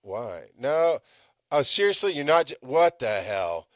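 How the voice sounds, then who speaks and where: Profane, animated man ranting on a podcast. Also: a little slow, dry recording, studio quality. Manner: profane, exasperated, swinging from loud outbursts to low mutters. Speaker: podcast host. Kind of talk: live podcast rant.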